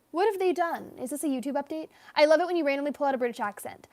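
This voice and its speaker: A woman's voice: sits high, animated, racing, few pauses, darkish tone, no room sound. A young woman chatting casually with viewers as she draws on a livestream, rambling and reading comments aloud. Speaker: artist livestreaming a drawing session. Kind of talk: casual live-stream chat while drawing.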